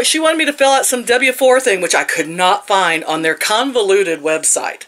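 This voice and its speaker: A woman's voice: mid-range voice, normal speed, fairly bright tone. A woman in her sixties telling a story in a casual rant, sarcastic and laughing often. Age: 60s. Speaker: vlogger.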